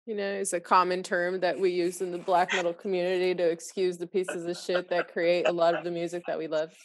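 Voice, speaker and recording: A woman's voice: fairly low pitch, flat delivery, a little fast. A woman hosting a podcast interview, talking in a blunt, easygoing way. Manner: blunt, easygoing, laughs along. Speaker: podcast host. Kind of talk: casual interview chat.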